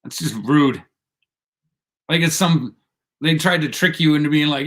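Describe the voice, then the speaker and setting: A man's voice: fairly high pitch, lively intonation, takes it slowly, long pauses, a bit bright. A man hosting a casual live stream, laid-back and rambling, laughing often as he chats with viewers. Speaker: livestream host.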